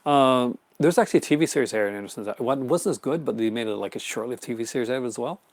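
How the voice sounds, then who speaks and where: A man's voice: mid-range voice, rapid-fire, no room sound. A man hosting a casual live stream, rambling enthusiastically about his horror film collection, with many fillers and restarts. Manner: answers viewer chat comments.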